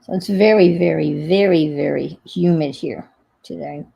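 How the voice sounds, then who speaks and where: A woman's voice: sits low, a little slow, vocal fry, warm tone, husky, rough recording. A woman with a New York accent chatting casually and thinking aloud while she crafts at home on a livestream.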